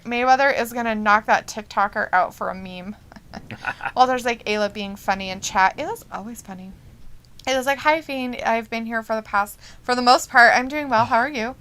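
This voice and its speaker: Giggly woman reading chat on a live stream, bright clear voice. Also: a little high. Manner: giggly, reads chat messages in quick bursts. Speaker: co-host of a live watch-along show. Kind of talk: casual chat, reading out viewer comments.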